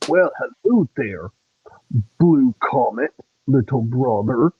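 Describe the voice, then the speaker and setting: Someone doing a jovial big-brother steam engine in a very deep, greatly lowered voice that drawls slowly through its words. The dry, muffled lo-fi audio has no room sound, and the delivery swoops between high and low. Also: expressive, distant mic, slight background noise. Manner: slow, drawn-out greeting.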